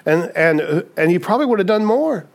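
Male pastor, sermon delivery, slightly raised pitch, conversational with acted quotes. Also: sing-song, brisk, creaky. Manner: acts out quoted voices, frequent "right?".

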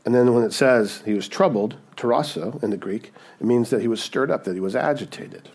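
A man preaching a sermon, dynamic and conversational, rising to emphatic peaks and dropping to hushed moments, often checking in with his listeners. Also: mid-range voice, brisk, breathy edge. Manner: conversational, checks in with "okay?" and "right?". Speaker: pastor.

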